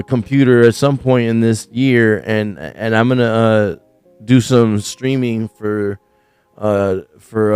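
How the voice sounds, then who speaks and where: A man hosting a casual news commentary livestream, talking in profane, slangy rants that get animated when he is worked up. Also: mid-range voice, smooth. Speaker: host.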